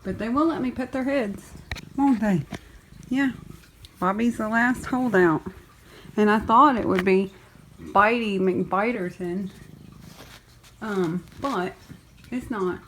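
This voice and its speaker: A woman's voice: mid-range voice, a little hiss or hum, low-quality recording. A woman chatting casually as she films kittens in a foster room, often cooing and baby-talking to them. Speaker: cat fosterer filming a vlog. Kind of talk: casual vlog chat. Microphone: handheld camera.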